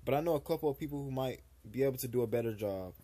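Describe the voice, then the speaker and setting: A man's voice: medium pitch, very fast, dark tone. A young man streaming a story game, reading the characters' dialogue aloud and chatting casually between lines, with small stumbles. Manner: casual, slightly stumbling read-aloud delivery.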